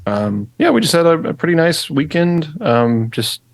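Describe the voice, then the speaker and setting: Rambling young dad co-hosting a podcast. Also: male voice, a little high, moderate pace, creaky, no echo. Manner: relaxed, rambling with many fillers. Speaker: podcast co-host. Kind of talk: casual chat.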